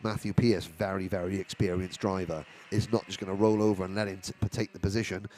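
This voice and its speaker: A man giving live race commentary on a karting event, rattling off positions and names and building excitement toward the finish. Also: low-pitched, a little fast, slight background noise.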